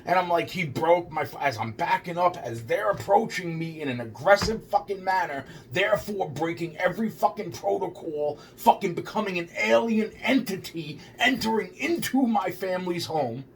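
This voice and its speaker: A man's voice: sits high, lively intonation, normal speed, few pauses, a little hiss or hum. A man telling a rambling first-person story, agitated and full of profanity, repeating himself as he goes. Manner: heavily profane, agitated, repetitive.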